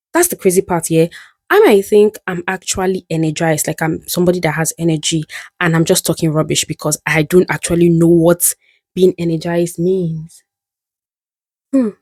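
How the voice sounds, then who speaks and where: A young woman with a lowish, slightly mellow voice vlogs in a candid, musing way. She often laughs at herself while reflecting in this casual monologue, recorded dry.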